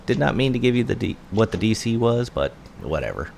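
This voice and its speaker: A man's voice: mid-range voice, very animated, fairly quick, vocal fry, darkish tone, a little hiss or hum. A man as game master, chatting casually and laughing easily while running a tabletop session from home. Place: home room.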